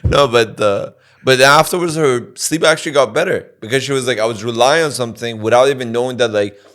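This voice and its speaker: A man co-hosting a podcast, talking in a loose, casual way. His voice sits at an ordinary middle pitch. He laughs often and swears freely. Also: fairly quick, fairly bright tone. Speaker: podcast co-host. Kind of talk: casual chat.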